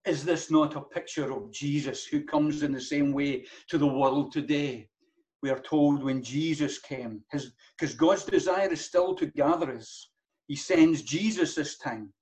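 A man's voice: fairly high pitch, a little slow, a little mellow. A man preaching a sermon as pastor, earnest, with many rhetorical questions and repeated phrases. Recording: dull lo-fi sound.

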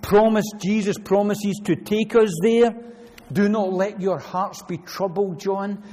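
A man preaching a sermon, animated, moving between loud emphasis and quiet asides. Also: high-pitched, a little slow, slight background noise. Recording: long hall reverb.

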